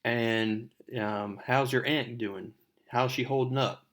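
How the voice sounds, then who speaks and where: A kindly school principal from a comic book, speaking gently to a grieving student, as a man reads his lines. The voice stays close to the reader's own, even-toned and soft. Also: medium pitch, takes it slowly. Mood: consoling. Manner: gentle, consoling. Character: kindly middle-aged male school principal.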